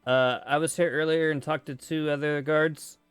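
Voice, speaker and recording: Smooth-voiced man playing a game. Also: a little high, moderate pace, no room sound, faint music behind. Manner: relaxed, hesitant. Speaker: player. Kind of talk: tabletop game chat.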